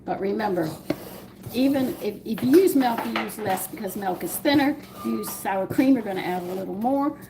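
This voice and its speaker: A woman's voice: fairly high pitch, brisk, noisy background. A woman hosting a live cooking demonstration from her home kitchen, chatting to viewers as she works dough by hand. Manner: chatty, explains steps while working dough by hand. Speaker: home cooking show host.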